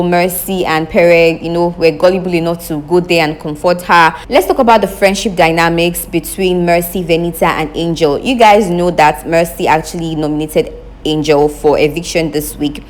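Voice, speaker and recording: Young woman host, slightly low voice, animated and emphatic commentary style, speaks straight to viewers. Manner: animated, emphatic, addresses viewers as guys, repeats questions for effect. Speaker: reality show recap host. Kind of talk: casual opinionated commentary.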